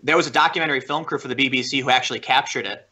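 A man appears as a podcast guest, telling a story in animated, casual chat packed with "like" and restarts. His voice is medium-pitched and he talks very fast.

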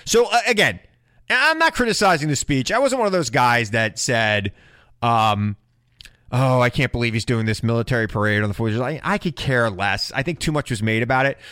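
A man's voice: medium pitch, a bit bright, no echo, studio quality. A man hosting a political talk show, giving emphatic, sarcastic commentary and repeating his points.

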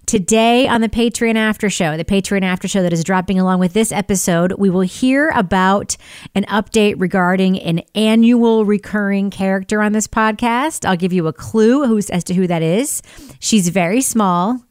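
A woman's voice: medium pitch, moderate pace, darkish tone, smooth, no echo, studio quality. Playful woman hosting a podcast. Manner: playful, teasing, laughs easily. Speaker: podcast host. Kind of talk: casual podcast chat.

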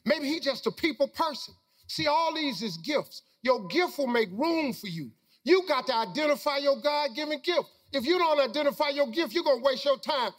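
Middle-aged male speaker, very high pitch, folksy preacher-style storytelling to an audience. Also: lively intonation, moderate pace, big-room sound. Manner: folksy, preacher-like storytelling with Southern Black vernacular. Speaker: motivational speaker. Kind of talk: storytelling talk to a live audience.

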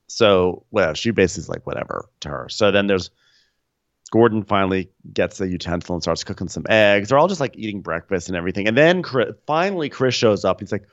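A man's voice: lowish voice, brisk, dry recording. Wry man recapping with dull audio. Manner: wry, animated storytelling. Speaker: podcast co-host. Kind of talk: comedic recap chat.

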